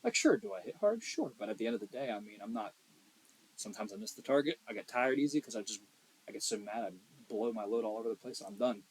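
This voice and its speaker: A young man co-hosting a podcast in casual chat, blunt and profane, swinging between loud emphasis and quiet asides. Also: mid-range voice, animated, fast talker, poor audio. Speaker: podcast co-host.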